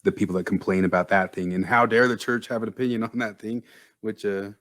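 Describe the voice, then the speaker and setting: A man's voice: lowish voice, steady tone, quick pace, a bit bright. A man co-hosting a casual podcast panel, leading the discussion in a laid-back way and agreeing with his co-hosts. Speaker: podcast co-host.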